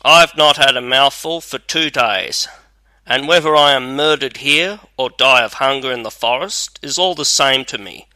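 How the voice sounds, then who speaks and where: A man's voice: mid-range voice, moderate pace, pushed and bright, no echo, low-quality recording. A man voicing a bold, hungry soldier with a hearty, plainspoken manner in a storybook reading. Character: hungry bold male soldier, fearless and blunt.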